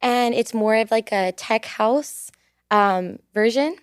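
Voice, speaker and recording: Here the same kind of guest, a young American woman who sings, keeps the interview chat light, laughing a lot and thanking people again and again. Her voice sits a little high, with a clean tone, and she takes things slowly. The recording is dry.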